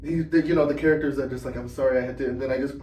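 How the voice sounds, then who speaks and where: A young man on a podcast tells family stories in a relaxed chat, animatedly acting out his relatives' lines. He talks rapid-fire at medium pitch. The room is echoey, the mic sits at a distance, and there's a slight hiss or hum.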